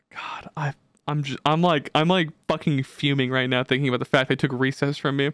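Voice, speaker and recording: A man's voice: medium pitch, normal speed, clean tone, dry recording. Ranting, profane young man, dry mic. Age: young adult. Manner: profane, ranting, animated storytelling. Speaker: podcast host. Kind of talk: casual podcast chat.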